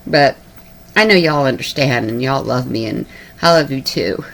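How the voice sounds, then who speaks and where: A woman's voice: rumbling low, normal speed, creaky. A woman preaching urgently to her viewers, repeating herself and turning tearful and emotional. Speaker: online video preacher. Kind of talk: emotional personal address to viewers.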